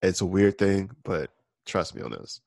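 A man's voice: low-pitched, expressive, moderate pace, creaky, a little mellow, no echo. A man from the American South co-hosting a podcast, chatting casually and explaining his opinions at length. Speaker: podcast co-host. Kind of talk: casual chat.

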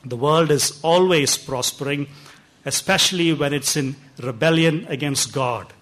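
A middle-aged man preaching an earnest Easter sermon. His voice sits a touch high for a man. He slows down and sinks his voice low on the lines he wants to land. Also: fairly bright tone. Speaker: pastor.

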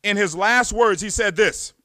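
A man's voice: sits high, normal speed, sharp tone, no room sound. A man preaching a sermon, emphatic, often repeating words and firing off rhetorical questions.

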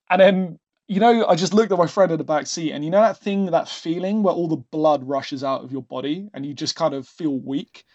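A man guest on a podcast telling a story in a casual way, animated, often laughing and restarting his sentences. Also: a little high, fairly quick, few pauses. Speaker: podcast guest, travel agent. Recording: dull lo-fi sound.

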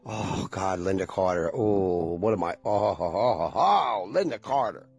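Husky guy in his 40s rambling on, cussing, chill nostalgic chat. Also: deep voice, animated, measured pace, a little mellow, soft background music. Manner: loose, nostalgic, swears freely.

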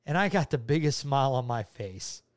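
A middle-aged man with a drawl tells a family story in a relaxed, rambling way. His voice sits at an ordinary pitch for a man. He repeats himself often and slips into the voices of the people he describes. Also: normal speed. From Georgia, USA. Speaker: father telling a story to his child.

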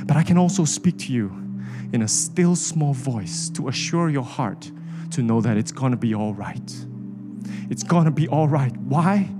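A man's voice: mid-range voice, expressive, unhurried, music in the background. A man, preaching a sermon with an impassioned, repetitive cadence. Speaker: pastor.

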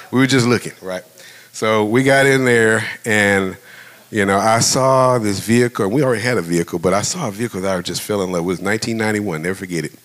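A middle-aged male pastor in the pulpit, talking to his congregation like old friends. His delivery is loose and animated, with sudden jumps up in pitch as he acts out the story, and he laughs often. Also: brisk. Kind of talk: storytelling sermon.

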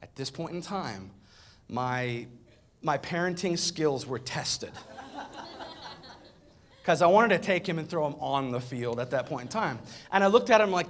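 A man in his thirties preaching a sermon, telling a funny family story and acting out the dialogue with growing excitement. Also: fairly high pitch, a little slow, pauses often. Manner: animated storyteller, acts out dialogue with rising excitement. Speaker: pastor. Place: church auditorium with a live audience.

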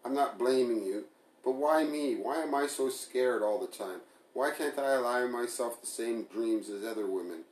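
A man voicing a hurt, intense young woman, with a pleading, sharp way of talking. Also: mid-range voice, normal speed, natural voice. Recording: roomy echo.

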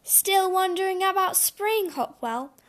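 A woman's voice: very high voice, expressive, unhurried, fairly bright tone, pitched above the performer's own voice, exaggerated voice. A woman voicing a cheerful male robin who laughs and explains things kindly in a storybook.

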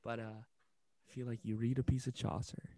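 A man co-hosting a relaxed podcast chat, rambling and animated, with lots of fillers and acted-out quotes. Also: mid-range voice, moderate pace, low-quality recording. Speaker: podcast co-host. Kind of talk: casual chat.

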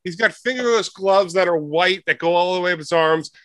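A man's voice: sits high, fairly quick, a bit bright. A man co-hosting a podcast, spinning a rambling comic story in casual chat. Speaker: podcast co-host.

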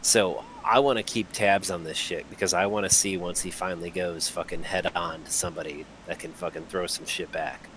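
A man's voice: low-pitched, steady tone, a bit bright, a little hiss or hum, rough recording. A man co-hosting a podcast in casual, profane chat, often restarting his sentences. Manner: profane, blunt, halting restarts. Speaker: podcast co-host.

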